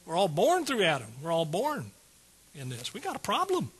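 A man's voice: high voice, huge pitch swings, moderate pace, breathy edge. A male preacher giving a folksy sermon and calling out questions to his congregation.

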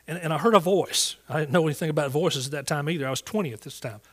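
Speaking very fast in a fairly high, fairly bright voice, a Southern-accented man shares his calling story as a Bible teacher. He's folksy and earnest with some restarts, giving a sermon testimony before a church congregation.

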